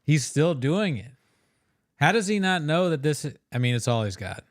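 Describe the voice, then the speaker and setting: A man's voice: fairly high pitch, very animated, normal speed, dry recording, clean studio sound. A man co-hosting a casual livestream, joking crudely and laughing often as he reacts to clips.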